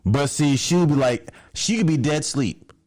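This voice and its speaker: A man's voice: a little high, a little slow, no echo, clean studio sound. A man co-hosting a casual chat, telling stories with lots of laughter. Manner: animated storytelling, laughs often. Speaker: podcast co-host.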